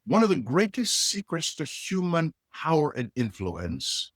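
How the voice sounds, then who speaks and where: A husky-voiced middle-aged man who tells stories with big swings in pitch, jumping between characters as he acts out each line. His voice is recorded close and dry, with no room sound around it. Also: measured pace, no echo. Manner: acts out dialogue with lively inflection. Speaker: guest, leadership coach. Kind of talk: animated storytelling.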